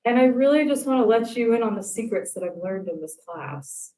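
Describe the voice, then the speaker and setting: A woman's voice: a little high, fairly quick. A young woman performing a stand-up comedy set, telling stories and acting out the lines she quotes. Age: young adult. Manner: animated storytelling, acts out quotes. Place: live comedy show stage. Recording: echoey live venue.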